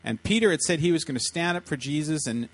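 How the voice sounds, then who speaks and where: A man preaching to children, retelling a story in an animated way and often repeating his words as he acts out quotes. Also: fairly high pitch, quick pace. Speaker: pastor speaking to children.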